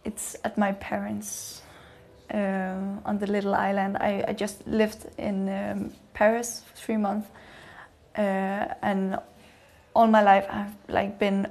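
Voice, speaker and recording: A young actress giving casual interview answers, hesitant and searching for words. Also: female voice, medium pitch, little pitch movement, slow, creaky, a little mellow.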